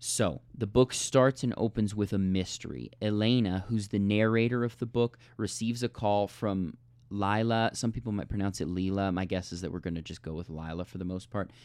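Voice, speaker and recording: A man's voice: on the low side, normal speed, darkish tone, no room sound. A man co-hosting a book podcast, talking through a novel in a thoughtful, analytical way. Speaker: podcast co-host. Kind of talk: casual book discussion.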